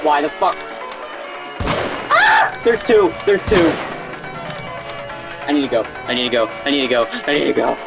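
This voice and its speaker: Excitable man yelping over gameplay. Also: medium pitch, fairly quick, creaky, long pauses, over loud music. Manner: excitable, swears, yelps in panic. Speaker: gameplay streamer. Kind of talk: casual gameplay commentary.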